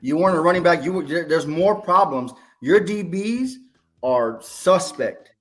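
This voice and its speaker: A man's voice: on the high side, expressive, unhurried. A man in a casual sports chat, giving blunt trash talk with hesitant restarts.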